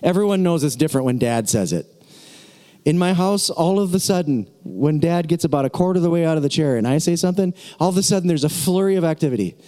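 A man preaching a sermon as a pastor, excitable and jokey, breaking into laughs and conversational asides. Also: fairly high pitch, fast talker, long reverb tail.

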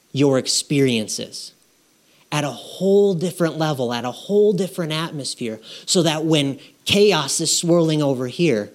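A man preaching a sermon in a conversational style, often checking in with his listeners with quick "right?" and "okay?" asides. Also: on the high side. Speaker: pastor.

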